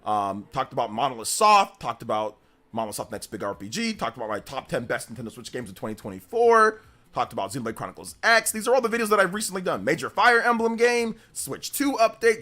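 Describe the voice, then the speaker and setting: A man hosting a casual gaming news livestream, chatting freely, reading out viewer questions and telling animated stories with frequent laughter. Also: high-pitched. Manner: animated storyteller, laughs often, answers chat questions.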